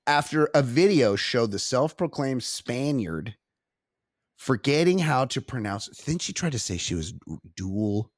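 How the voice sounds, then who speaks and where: A man co-hosting a crude comedy sports podcast, animated and breaking into silly voices. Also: medium pitch, a little slow, dry recording, studio quality. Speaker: podcast co-host.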